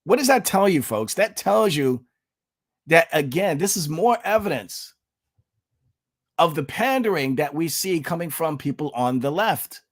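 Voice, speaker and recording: A man from the United States delivers an opinionated commentary vlog in a somewhat high-pitched voice. He is emphatic and repetitive, and he speaks straight to his viewers, calling them folks. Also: animated, unhurried. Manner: emphatic, repeats himself, addresses viewers as folks. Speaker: political commentator.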